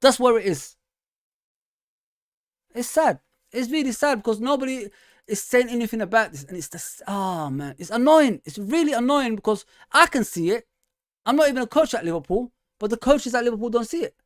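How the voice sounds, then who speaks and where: A man hosts a fan show, venting in frustrated bursts whose pitch climbs sharply when he gets worked up. His talk is casual, full of slang like bro and man, and he often reads out viewer comments. The sound is dry and close, with no room echo. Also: animated, brisk. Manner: frustrated, exasperated ranting with rising pitch. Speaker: host.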